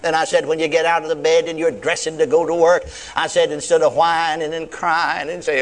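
A man's voice: a little high, fairly even intonation, a little fast, few pauses. A man preaching a sermon, retelling a conversation and acting out both sides. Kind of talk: sermon with retold dialogue.

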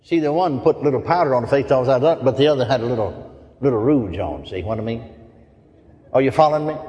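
High-voiced chuckling preacher in an echoing hall. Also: male voice, darkish tone. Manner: folksy, chuckling storyteller who asks the crowd for amens. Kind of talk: sermon with personal stories. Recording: long hall reverb.

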